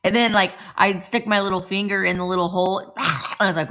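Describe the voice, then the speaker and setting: A middle-aged woman hosting a home live stream in the morning talks casually and calls out viewers by name. She speaks quickly in a steady, fairly bright, medium-pitched voice.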